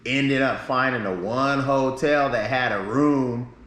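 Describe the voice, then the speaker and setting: A man's voice: mid-range voice, takes it slowly, fairly bright tone. A man streaming live, telling a long rambling story in casual talk full of swearing. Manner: rambling, profane, acts out quoted people. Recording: roomy echo.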